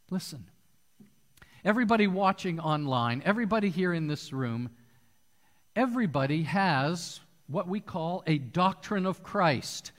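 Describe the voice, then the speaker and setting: A man with a fairly high voice preaches in an animated storytelling manner. His words ring out with a long hall reverb, as if recorded in a church sanctuary. He is a pastor addressing his congregation. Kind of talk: sermon.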